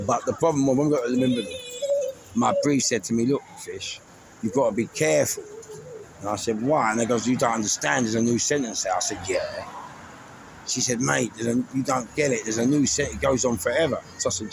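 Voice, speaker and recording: A man's voice: mid-range voice, fairly quick, gravelly. A man with a London accent, chatting casually and rambling through stories, laughing at his own jokes. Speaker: storyteller recounting his life. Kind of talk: casual storytelling. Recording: noisy background with traffic.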